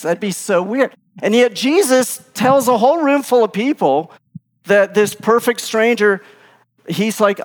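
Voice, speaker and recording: A man's voice: sits high, expressive, measured pace. A male pastor giving a casual sermon, telling the story with animation and acting out the lines he quotes. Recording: long hall reverb.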